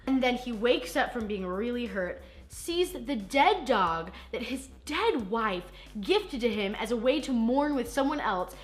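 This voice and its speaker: A woman hosting a casual movie recap vlog, talking in an animated, gushing way with laughter and some cursing. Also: on the high side, moderate pace, faint music behind. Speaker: vlog host reviewing movies.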